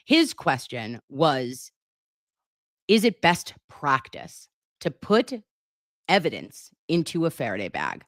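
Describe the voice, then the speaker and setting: A woman's voice: deep voice, wildly swooping pitch, slow, dry recording, clean studio sound. A woman hosting a casual trial recap, emphatic and profane as she talks. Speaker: commentary host.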